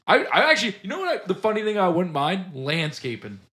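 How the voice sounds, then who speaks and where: A man's voice: sits high, big pitch swings, brisk, sharp tone. A young man co-hosting a podcast, telling rambling stories in casual chat with lots of swearing and laughter. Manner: rambling storyteller, heavy swearing, laughs often. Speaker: podcast co-host.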